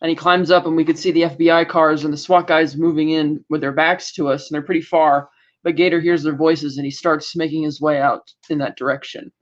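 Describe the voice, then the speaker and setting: A woman's voice: deep voice, fairly even intonation, brisk. A woman co-hosting a podcast, casually recapping a TV episode and acting out lines from the scenes. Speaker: podcast co-host. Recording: dull lo-fi audio.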